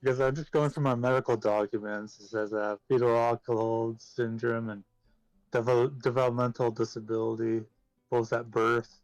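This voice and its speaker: A man's voice: mid-range voice, level tone, normal speed, no echo, muffled recording, soft background music. Easygoing male caller, dry sound. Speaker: caller on a stream. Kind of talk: casual conversation.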